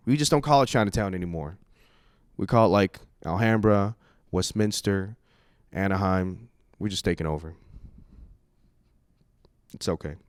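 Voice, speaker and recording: A man doing a stand-up comedy set, telling stories in an animated way and jumping into put-on voices. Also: low voice, moderate pace, pauses often, clean tone, dry recording, clean studio sound.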